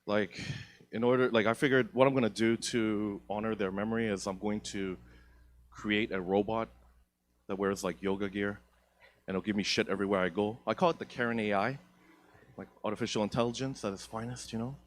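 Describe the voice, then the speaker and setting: A man's voice: lowish voice, steady tone, a little fast. A young man doing stand-up comedy on a theatre stage, profane, rambling and self-mocking, into a handheld mic.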